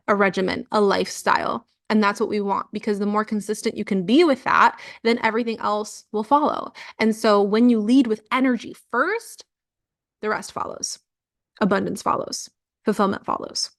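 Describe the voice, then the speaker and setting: A woman's voice: mid-range voice, gravelly, a bit bright. A young adult woman coaching clients live on energy healing, casual and earnest with lots of filler words. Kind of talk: live coaching session talk.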